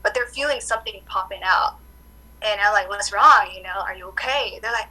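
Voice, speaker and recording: A woman acupuncturist chatting casually in an interview, telling animated stories full of "like" fillers. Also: medium pitch, fairly quick, poor audio. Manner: animated storytelling, many "like" fillers. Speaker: acupuncturist guest.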